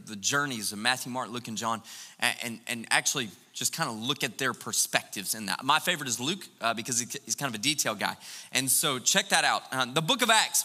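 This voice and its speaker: A man preaching a sermon as pastor, animated and full of rhetorical questions. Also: mid-range voice, long reverb tail.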